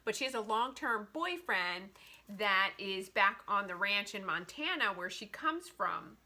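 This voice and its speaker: Bright-sounding woman doing a casual book vlog, rambly and animated, says like a lot. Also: medium pitch, unhurried. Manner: chatty and animated, heavy use of "like". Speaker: book reviewer.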